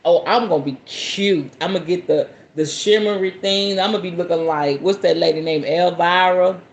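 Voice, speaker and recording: A woman's voice: on the low side, moderate pace. Chatty, laughing woman hosting a spiritual show. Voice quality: expressive, laughs often, talks straight to viewers. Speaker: spiritual podcast host. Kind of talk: casual chat and reading aloud from a book.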